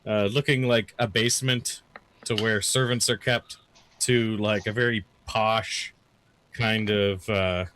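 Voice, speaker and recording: A man acting as dungeon master, describing scenes in a loose, halting way with many fillers. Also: lowish voice, fairly even intonation, fairly bright tone, slight background noise. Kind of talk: narrating a tabletop game.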